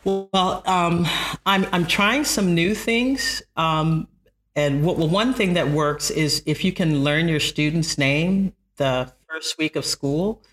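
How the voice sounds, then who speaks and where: A woman who teaches college math, telling stories in an animated way and laughing easily in a podcast interview. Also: deep voice. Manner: animated storyteller, quick to laugh.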